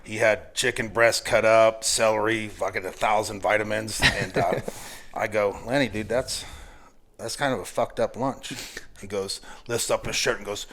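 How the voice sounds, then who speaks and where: A guest firearms instructor, an American man in his forties, tells animated, profane stories in casual conversation and laughs his way through the punchlines. His voice sits lowish and he speaks at a moderate pace.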